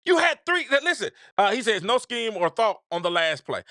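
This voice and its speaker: A man hosting a call-in sports talk show, talking in an animated, exasperated way and often repeating himself. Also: high voice, fairly quick, few pauses, no room sound, clean studio sound.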